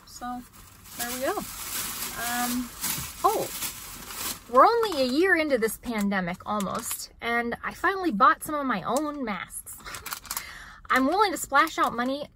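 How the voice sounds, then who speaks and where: A woman in her thirties chatting casually in a haul vlog, self-mocking and quick to laugh. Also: high-pitched, lively intonation, background noise. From United States. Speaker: vlogger.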